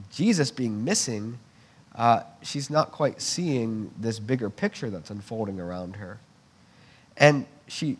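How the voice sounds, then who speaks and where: A man's voice: medium pitch, slightly rough. A man giving a sermon, teaching earnestly in a conversational way with frequent restarts. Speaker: preacher.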